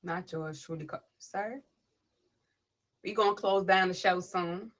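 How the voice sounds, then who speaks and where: A woman's voice: on the low side, unhurried, fairly bright tone, rough recording. A woman hosting a poetry livestream who reads a spoken word piece and then chats casually, greeting viewers and people passing by name. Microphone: tablet device.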